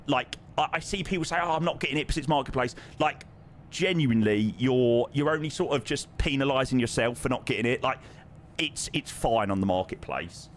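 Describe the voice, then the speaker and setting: Man, London accent, live-stream chat, lively swooping voice, faint background hiss. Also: mid-range voice. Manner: chatty, reads viewer names and questions aloud. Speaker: flight sim streamer.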